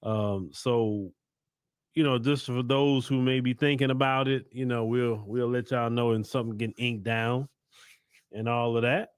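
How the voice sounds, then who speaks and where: A man's voice: medium pitch, fairly even intonation, clear, resonant tone, dry recording. Chill guy running a live stream, lots of ums and restarts, dry close sound. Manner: unhurried, many fillers and restarts, chats with viewers. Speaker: host of a news live stream. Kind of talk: casual live-stream commentary.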